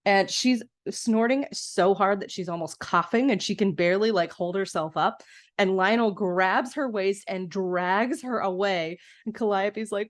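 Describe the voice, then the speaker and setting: A podcast host who walks through a film scene by scene, gushing and chatty, with lots of animated asides. Her voice sits at a middling pitch for a woman. The recording is close and dry, with no room sound. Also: normal speed, no echo. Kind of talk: enthusiastic movie recap.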